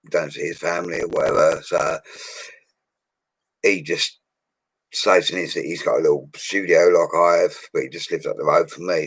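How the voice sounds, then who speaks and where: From a home studio, a man with a deep, somewhat bright and husky voice chats casually on a live stream with no echo. He's upbeat and slangy, laughing often as he reads out viewer comments.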